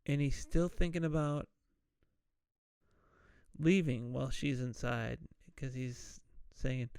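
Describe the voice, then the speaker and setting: Slow, gravelly man recapping a movie. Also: fairly high pitch, dry recording, studio quality. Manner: animated, mimics characters' voices while retelling scenes. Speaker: podcast host. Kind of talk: casual movie recap with acted-out quotes.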